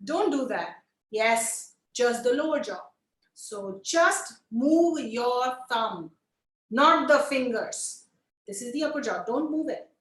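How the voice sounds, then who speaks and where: A woman teaching an online puppetry workshop, lively and demonstrative, coaxing the group to try along with her. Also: high voice, slow pace, reverberant, rough recording.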